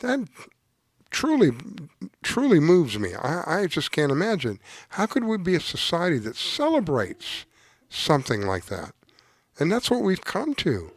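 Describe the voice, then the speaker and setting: Impassioned man with lively swinging pitch. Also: moderate pace, no room sound. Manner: earnest, preachy, emotionally worked up. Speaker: show host. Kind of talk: impassioned political commentary. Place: home desk with dog underneath.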